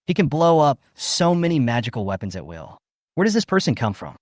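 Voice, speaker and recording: A man voicing an arrogant, hot-tempered young nobleman in a recap story, boastful and quick to anger. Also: medium pitch, very animated, darkish tone, no room sound, studio quality, natural voice. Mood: angry. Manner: boastful, angry.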